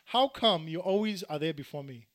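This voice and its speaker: A man's voice: on the high side, animated, normal speed. A man hosting a casual interview, teasing his guest and laughing often. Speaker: host.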